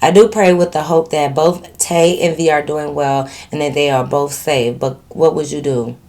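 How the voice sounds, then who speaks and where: A woman's voice: sits low, fairly even intonation, moderate pace, a little mellow. A woman hosting her channel, reading a viewer's story aloud and breaking in with sassy, teasing asides. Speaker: channel host.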